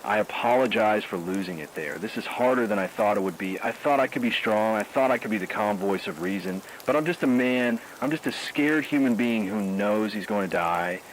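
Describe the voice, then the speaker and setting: A man's voice: lowish voice, lively intonation, brisk, few pauses, slight background noise, natural voice, poor audio. A man playing a despairing radio DJ. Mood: shaken. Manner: grim, shaken, despairing. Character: male radio host, scared and grief-stricken. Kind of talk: radio drama narration.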